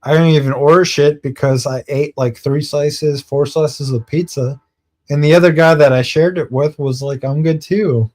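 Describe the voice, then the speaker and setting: A man streaming, telling a rambling casual story and acting out his friends' lines in quick quotes, laughing and swearing now and then. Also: fairly high pitch, steady tone, darkish tone.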